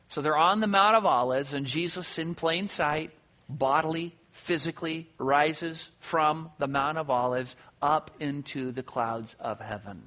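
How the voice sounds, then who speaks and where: A man's voice: fairly high pitch, a bit bright. A man preaching a sermon to his congregation, conversational, posing rhetorical questions and answering them. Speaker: pastor.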